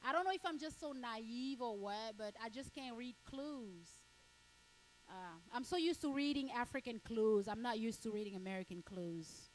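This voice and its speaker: A woman from Cameroon doing stand-up crowd work, blunt and crude, repeating herself and breaking into shouts. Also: on the high side, expressive, normal speed, slight background noise. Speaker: stand-up comedian.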